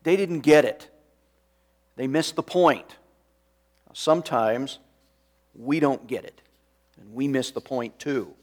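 A man preaching a sermon in a slow, measured way, reading scripture aloud. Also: mid-range voice. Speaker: pastor.

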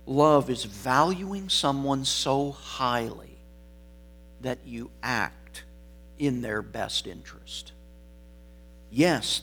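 Slow, deliberate male preacher. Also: medium pitch. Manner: deliberate, stressing single words; emphatic, drops to quiet phrase endings. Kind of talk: sermon.

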